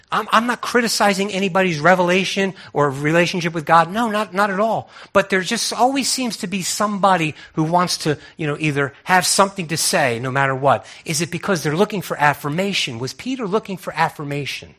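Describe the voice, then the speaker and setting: Bright-voiced preacher man, conversational sermon. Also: on the high side. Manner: conversational, asks repeated rhetorical questions, stammers into restarts.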